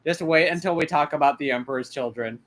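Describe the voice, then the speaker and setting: A man's voice: on the high side, quick pace, low-quality recording. A man hosting a casual chat, bantering and teasing his friend. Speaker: channel host.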